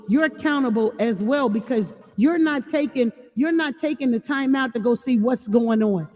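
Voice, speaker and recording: Animated woman warning on a livestream. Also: high voice. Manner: animated, warning, reads chat comments. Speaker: livestream host. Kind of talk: casual livestream chat. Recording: long reverb with faint music.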